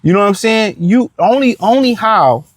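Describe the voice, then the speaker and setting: A man's voice: sits high, animated, normal speed. A man giving a blunt, profane reaction rant, full of slang, repeated words and fillers. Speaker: commentator reacting to a clip.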